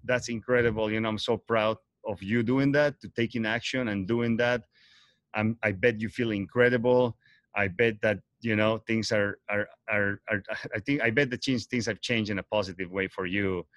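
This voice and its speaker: A man's voice: on the low side, steady tone, normal speed, fairly bright tone, no room sound, dull audio. A man hosting a casual livestream talk, earnest and rambling, often correcting himself mid-sentence. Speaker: host.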